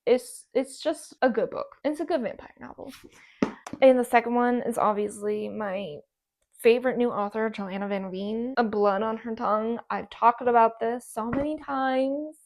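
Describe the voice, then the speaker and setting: A woman's voice: a little high, normal speed. A woman vlogger gushing about book recommendations in casual, repetitive chat. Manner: gushing, enthusiastic, repeats herself.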